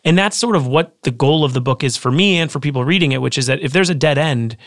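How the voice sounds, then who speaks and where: A man in his thirties, an author guest telling his story in a casual interview, earnest and quick with frequent restarts. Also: fairly high pitch, no echo, studio quality.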